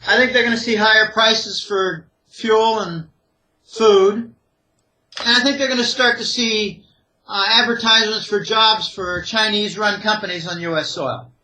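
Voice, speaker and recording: A man's voice: sits high, steady tone, unhurried, pushed and bright, low-quality recording. A man from the Pittsburgh area, an interview guest, making emphatic warnings in a repetitive, opinionated way. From Greater Pittsburgh, USA. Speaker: interview guest, economic analyst.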